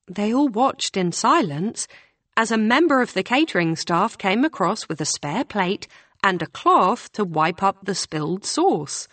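A woman narrating an audiobook with a calm, even delivery. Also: mid-range voice, unhurried, no echo.

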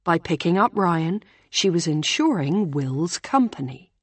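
A woman reading a novel aloud in measured scripted narration. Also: lowish voice, animated, breathy edge, no echo. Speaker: audiobook narrator.

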